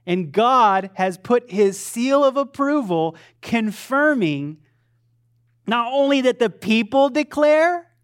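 A pastor delivers a sermon in a very high-pitched, expressive voice that moves slowly and smoothly. His talk is conversational and self-deprecating, and he often restarts sentences while quizzing the congregation with questions.

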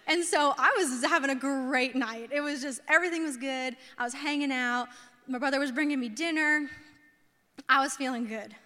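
A woman's voice: high voice, normal speed, pushed and bright, in a large hall. A young woman pastor telling a story in a sermon, chatty and casual, full of fillers, acting out the people in her story.

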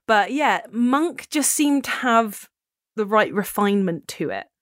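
A woman's voice: medium pitch, expressive, measured pace, no room sound. Chatty woman with a dry, close sound. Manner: chatty, rambling, laughs often. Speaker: podcast co-host and tabletop player. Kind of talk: casual chat.

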